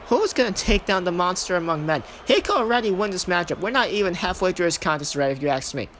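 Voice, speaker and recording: Bright, excitable young man calling wrestling. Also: high voice, quick pace, slight background noise. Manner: hyped, shouts at big moments, repeats himself. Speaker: play-by-play commentator of a video game.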